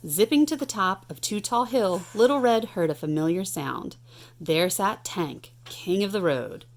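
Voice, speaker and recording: A woman's voice: medium pitch, lively intonation, measured pace. Woman reading a storybook aloud.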